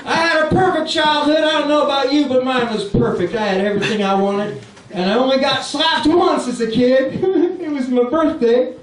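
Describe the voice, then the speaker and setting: A man in his forties doing a stand-up comedy set, delivering deadpan one-liners and bantering with the crowd. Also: very high-pitched, moderate pace, noisy background. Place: comedy club stage. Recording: roomy club, distant mic, crowd laughter.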